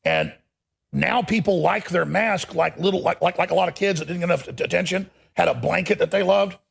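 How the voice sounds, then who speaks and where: A middle-aged man hosting a live show, ranting angrily in a gravelly, raspy voice. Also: high-pitched, lively intonation, brisk. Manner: angry, shouting rant. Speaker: talk show host.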